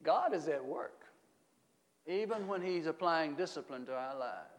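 A middle-aged man preaching a sermon as pastor, often asking the congregation questions and swinging between loud emphatic peaks and quiet low stretches. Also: expressive, unhurried. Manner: call-and-response preaching, asks the congregation questions.

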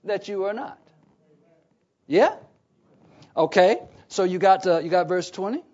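A man preaching a Bible teaching sermon, emphatic, often pausing on "what?" so listeners fill in the words. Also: sits high, animated, a little mellow. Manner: emphatic, repeats key phrases. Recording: dull lo-fi recording.

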